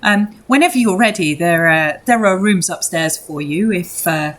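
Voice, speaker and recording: A woman's voice: on the low side, lively intonation, normal speed, slight background noise, close to an everyday voice. Woman playing shy polite young noble lady, lots of ums, tabletop game. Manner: hesitant, polite, many fillers. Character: gentle hesitant young noblewoman host.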